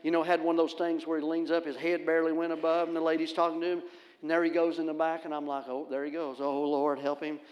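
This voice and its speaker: A middle-aged man preaches from a church pulpit, his fairly high voice carrying through a long, ringing reverb. He tells his stories in a folksy, animated way and jumps into the voices of the people in them. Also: fast. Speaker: pastor. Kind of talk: sermon with storytelling. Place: church sanctuary.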